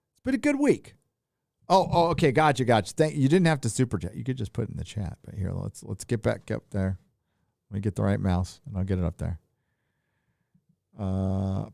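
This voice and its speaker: A man's voice: lowish voice, gravelly, a little mellow, no echo, clean studio sound. A middle-aged man from California hosting a live stream, rambling and swearing casually while holding his mic. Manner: loose, rambling and profane, with frequent filler. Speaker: live stream host reading super chats. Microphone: handheld mic.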